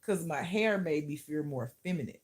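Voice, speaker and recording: A woman's voice: low-pitched, expressive, moderate pace. A woman who teaches spirituality, talking to camera in a casual vlog, blunt and profane, often laughing.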